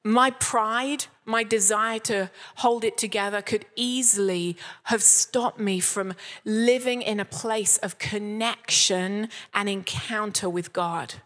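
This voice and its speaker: A woman's voice: mid-range voice, steady tone, slow pace, fairly bright tone. A woman in her thirties preaching at a church service, telling candid, humorous stories and acting out what people said. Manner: candid, humorous storytelling with acted-out quotes. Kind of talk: sermon. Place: church hall. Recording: long reverb of a church hall.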